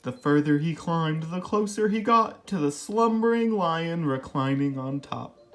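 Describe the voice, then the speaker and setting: A woman reading a children's picture book aloud as the regular storytime host, in a gentle, expressive way. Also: deep voice, measured pace, faint music behind.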